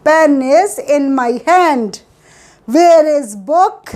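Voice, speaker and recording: A woman's voice: high voice, lively intonation, very slow, darkish tone. A woman teaching a spoken lesson, drilling simple questions over and over. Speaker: English teacher.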